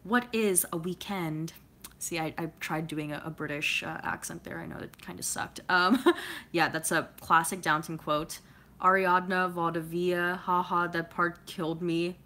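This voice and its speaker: A woman's voice: on the low side, level tone, normal speed, bright, forceful tone. A woman from California chatting casually as she answers viewer comments, rambling with lots of filler words and laughing often. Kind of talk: casual chat.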